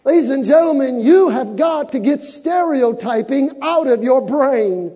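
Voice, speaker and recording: High-voiced preacher in a reverberant hall. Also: male voice, animated, a little slow, husky. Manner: preaching with rising shouts and call-and-response. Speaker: pastor. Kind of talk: sermon. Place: church sanctuary. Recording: long reverb of a large hall.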